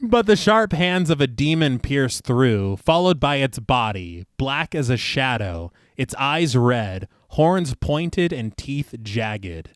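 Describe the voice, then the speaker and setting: A man's voice: medium pitch, very animated, takes it slowly, hardly any pauses, no room sound, clean studio sound. A man co-hosting a horror podcast, reading the plot recap aloud and breaking off to laugh and joke. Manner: laughs often, reads the synopsis then jokes. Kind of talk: casual horror film discussion with scripted recap.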